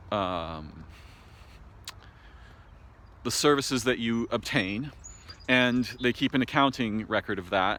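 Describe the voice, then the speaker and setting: An American man speaking an unscripted monologue to camera, thoughtful and halting, with many pauses, fillers and restarts. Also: lowish voice, bright, forceful tone, a little hiss or hum. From United States. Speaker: video essayist. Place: home in a city. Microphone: camera mic.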